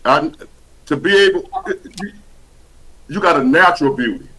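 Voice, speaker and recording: A man's voice: on the high side, lively intonation, moderate pace, pushed and bright, rough recording. A man hosting a livestream over a video call, talking bluntly and preachily in casual slang with plenty of cussing. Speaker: livestream host.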